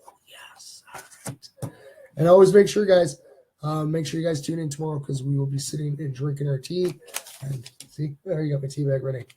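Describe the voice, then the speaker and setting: Husky, mellow-voiced man hosting a live stream. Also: on the high side, brisk. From Canada. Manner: rambling, chatty, reads live comments aloud. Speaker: host of a live stream show. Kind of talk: casual live-stream chat. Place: home studio.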